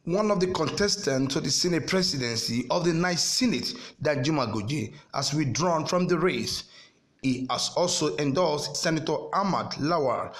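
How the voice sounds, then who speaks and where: A man delivering a scripted news report in a measured, formal way. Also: a little high, animated. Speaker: news correspondent.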